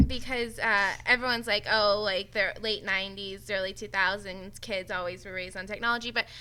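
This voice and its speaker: A woman's voice: medium pitch, fairly even intonation, normal speed, background noise. A woman in her twenties in casual conversation, reflective and hedging as she talks. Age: 20s. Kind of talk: casual chat.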